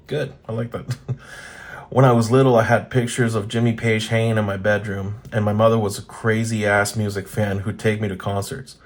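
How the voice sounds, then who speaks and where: A man hosting a guitar channel, reading old magazines aloud in casual commentary, blunt and profane, laughing often. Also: lowish voice.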